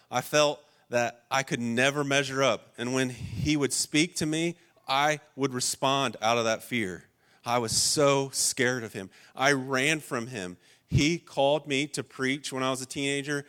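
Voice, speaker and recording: A man preaching a sermon, telling stories with dramatic swings between loud, urgent lines and hushed, low passages.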